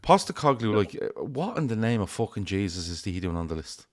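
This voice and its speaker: A man's voice: fairly low pitch, very animated, a little fast. A man giving blunt, emphatic opinions in a casual fan chat, swearing freely. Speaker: fan show panelist.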